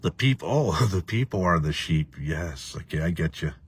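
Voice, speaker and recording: A man's voice: deep voice, expressive, moderate pace, breathy edge. A man hosting a casual live stream, rambling and profane, reading viewer comments and laughing often. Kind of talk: casual ranting live chat.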